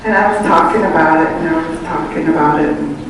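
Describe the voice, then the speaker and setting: A Tsawout First Nation woman from Canada tells family stories as a community speaker, unhurried and often repeating her words. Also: sits low, slight background noise. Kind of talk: personal storytelling testimony. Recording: echoey hall, voice from far off.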